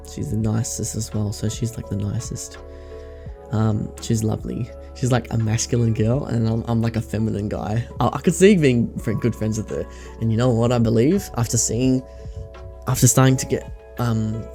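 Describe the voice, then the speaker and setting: A man's voice: mid-range voice, creaky, mellow. A young man with an Australian accent chatting casually to camera in a vlog, rambling, slangy and sweary. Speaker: vlogger.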